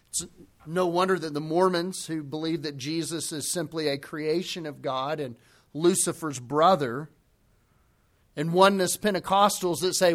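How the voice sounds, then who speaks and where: A man preaching a sermon, emphatic, slowing down to press home key phrases. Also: fairly high pitch, a bit bright.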